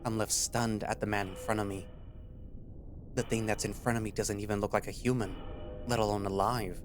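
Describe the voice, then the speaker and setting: Low-voiced man reading a story aloud. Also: little pitch movement, a little fast, over music. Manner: rambling, loose recap full of fillers. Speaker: story reader.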